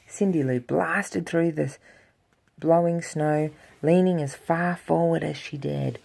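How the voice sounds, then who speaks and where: A woman reading a children's storybook aloud to a child, with lively, expressive delivery and spoken sound effects. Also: low-pitched, slow, creaky.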